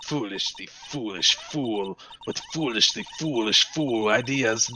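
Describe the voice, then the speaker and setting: A man's voice: lowish voice, unhurried, bright, forceful tone, slight background noise, pitched below the performer's own voice, poor audio. A man voicing a haughty young female prosecutor in a fan game reading, sneering and hurling insults. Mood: scornful.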